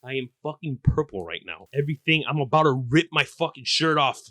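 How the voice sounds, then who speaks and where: Bright-voiced man ranting comically. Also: mid-range voice, lively intonation, brisk, no room sound, clean studio sound. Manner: profane, exaggerated ranting with sudden loud outbursts. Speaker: podcast host. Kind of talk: comedic storytelling monologue.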